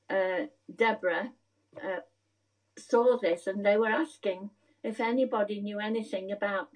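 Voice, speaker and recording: A woman's voice: mid-range voice, rough recording. An older woman reminiscing in a casual conversation, telling a rambling family story and searching for words.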